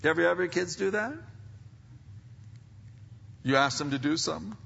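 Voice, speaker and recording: Gravelly preacher in an echoing church. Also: male voice, on the high side, normal speed, long pauses. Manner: animated preaching, swings from quiet to shouting. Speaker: pastor. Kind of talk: sermon. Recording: long reverb, dull lo-fi sound.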